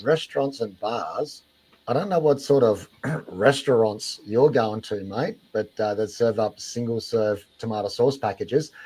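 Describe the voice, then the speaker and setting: A man's voice: on the low side, unhurried, warm tone, breathy edge, rough recording. A man with an Australian accent giving sarcastic reaction commentary on a video, mocking and exasperated, swearing freely.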